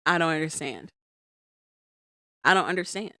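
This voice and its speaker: A woman co-hosting a podcast, recapping reality TV in an animated, exasperated, emphatic way. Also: deep voice, moderate pace, no room sound. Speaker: podcast co-host. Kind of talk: casual chat recapping reality TV.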